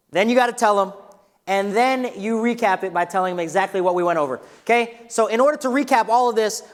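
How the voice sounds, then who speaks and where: A man teaching a live real estate workshop in an energetic, coaching way, asking the room questions. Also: sits high. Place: training room with a live audience. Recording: long reverb of a hall.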